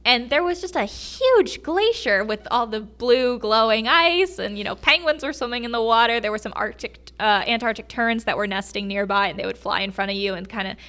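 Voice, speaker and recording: A woman with a bright, crisp voice chats as a podcast guest. She tells animal stories with open enthusiasm and laughs along the way. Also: fairly high pitch, expressive, moderate pace, few pauses. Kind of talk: casual storytelling chat.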